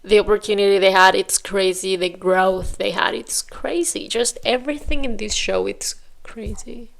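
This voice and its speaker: A woman's voice: medium pitch, fairly even intonation, normal speed, gravelly. A woman hosting a reaction video, talking back at the screen in exasperated, casual commentary and sometimes dropping to a whisper.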